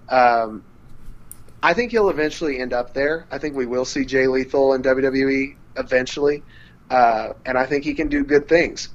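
Lively man on a lo-fi podcast. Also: medium pitch. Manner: animated, mock-exasperated, swears playfully. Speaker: podcast co-host. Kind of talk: casual chat.

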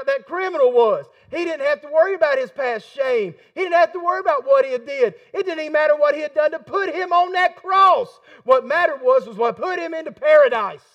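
A man preaching a sermon in a folksy, emphatic way, getting excited as he talks. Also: very high-pitched, distant mic, highs cut off. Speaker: pastor.

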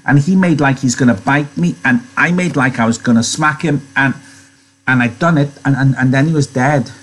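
A man's voice: medium pitch, brisk, a bit bright, slightly rough. A man reading aloud and voicing a big, simple-minded young ranch hand who stammers and repeats his words like a child. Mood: anxious.

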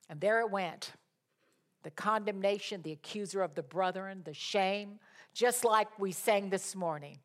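A woman preaching a sermon, rising to loud, impassioned declarations and dropping to soft, chatty asides. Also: medium pitch, measured pace.

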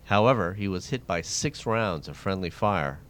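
Lively low-voiced man reading trivia. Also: moderate pace. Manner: reads history questions, lively intonation. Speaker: trivia host. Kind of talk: radio trivia banter.

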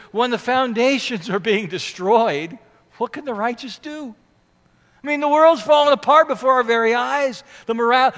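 A man with a notably high voice delivers a sermon, earnestly preaching and letting his volume climb and fall for emphasis. The sound carries a long hall reverb around him. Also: fairly bright tone. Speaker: pastor.

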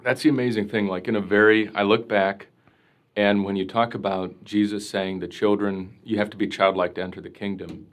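A priest being interviewed, telling a personal story in an earnest, reflective way, full of casual fillers. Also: male voice, lowish voice, level tone, fairly quick.

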